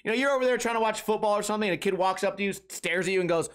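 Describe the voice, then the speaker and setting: Solo male podcast host, higher voice, profane rambling comic monologue. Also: very fast, hardly any pauses, smooth. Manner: profane, rambling, animated storytelling. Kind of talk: casual comedic monologue.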